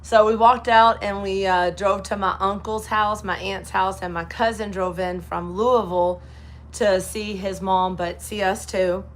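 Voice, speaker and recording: A woman's voice: medium pitch, fairly even intonation, a little slow. A woman from Texas with a light Kentucky twang, hosting a casual live chat and telling a story, acting out other people's lines. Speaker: host.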